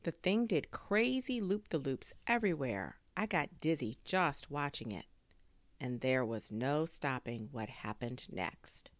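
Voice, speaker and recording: Woman, very low voice, animated children's read-aloud, dry studio sound. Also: measured pace, dry recording. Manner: expressive, with sound effects. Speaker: story reader.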